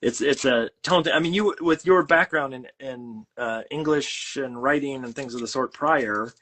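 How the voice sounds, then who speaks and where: A man's voice: mid-range voice, moderate pace, a bit bright. Rambling self-deprecating man hosting a chat. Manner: rambling, self-deprecating, many fillers and restarts. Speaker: host. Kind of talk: casual chat while drawing.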